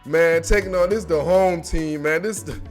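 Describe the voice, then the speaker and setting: A man with a high voice runs through his weekly game picks in loose, slangy chat. He keeps dropping bro and man as he talks. Faint music sits behind him. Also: moderate pace. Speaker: sports predictions host. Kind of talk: casual monologue.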